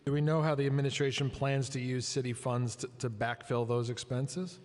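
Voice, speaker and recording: A man's voice: mid-range voice, level tone, fairly quick, a little mellow. A man questioning officials at a budget hearing, pointed and pressing. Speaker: council member questioning officials. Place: large council chamber. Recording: long chamber reverb.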